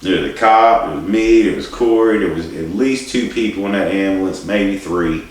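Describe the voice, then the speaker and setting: A man telling a personal story in a rambling, halting way, swearing and laughing at himself. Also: deep voice. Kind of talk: casual storytelling. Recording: distant mic in a very echoey room.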